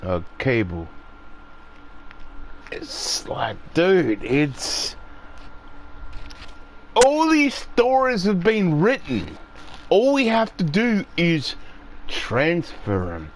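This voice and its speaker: Man gaming streamer, casual profane rant, animated pitch, slow delivery, faint hiss behind. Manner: profane, ranting, voice jumps high when riled. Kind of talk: casual rant while playing.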